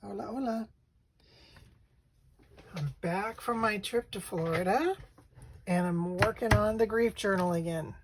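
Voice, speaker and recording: A woman talking casually and reflectively through her craft journal pages, with frequent pauses and ums. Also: medium pitch, noisy background. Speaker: crafting vlogger.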